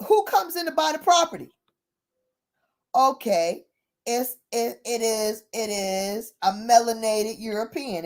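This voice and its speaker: A woman retelling a story in a casual, chatty, animated way. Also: a little high. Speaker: speaker.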